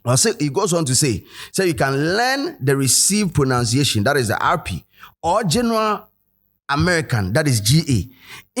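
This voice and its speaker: A man's voice: medium pitch, a bit bright. A man with a Ghanaian accent hosting a commentary video, switching between English and Twi and reading quotes aloud. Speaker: host.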